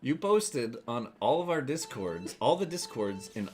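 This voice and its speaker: A man's voice: mid-range voice, sing-song, measured pace. An American man co-hosting a casual gameplay stream, joking, reading chat aloud and repeating words. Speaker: streamer co-host. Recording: game music behind the voice. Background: game music.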